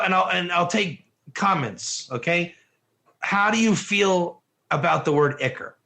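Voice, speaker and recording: An emphatic man leads an online Torah class with a high, bright voice, pressing his listeners with question after question. He talks like a teacher driving his point home to a live audience. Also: gravelly.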